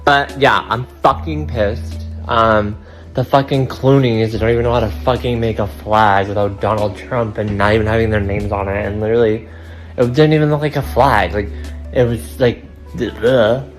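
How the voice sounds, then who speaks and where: A man's voice: fairly low pitch, fairly even intonation, moderate pace, soft background music. A young man recording a confessional video diary as a game contestant, swearing freely and sounding irritated and sarcastic.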